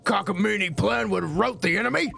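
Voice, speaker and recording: A streamer voicing a gruff male army sergeant who scolds a private, reading game dialogue aloud in a put-on voice over game music. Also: medium pitch, fairly quick, a bit bright, a little hiss or hum. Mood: scolding.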